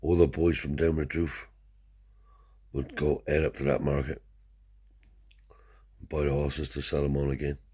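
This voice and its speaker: A man's voice: extremely low pitch, flat delivery, unhurried, pauses often, mellow, slightly rough. An older man, a Romany traveller telling rambling stories in broad dialect, peppered with swearing and "see?". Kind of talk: rambling oral storytelling.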